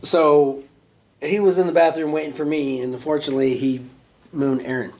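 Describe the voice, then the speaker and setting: Male podcast host, casual storyteller, slightly high voice, profane, acts out quotes, faint noise. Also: steady tone, normal speed, a little mellow. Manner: casual, profane, many fillers like "right?" and "you know".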